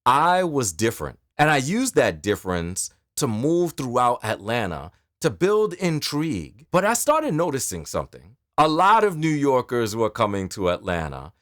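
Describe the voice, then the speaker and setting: A man with a New York accent, a voice actor speaking to camera in an expressive, emphatic storytelling delivery. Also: medium pitch, normal speed, few pauses, no echo, clean studio sound. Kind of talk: direct-to-camera talk.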